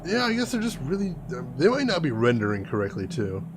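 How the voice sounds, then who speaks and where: A man giving casual, excitable commentary while playing a video game. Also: a little high, fast talker, over music. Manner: excitable, jumpy exclamations. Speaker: gaming streamer. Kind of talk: casual let's-play commentary.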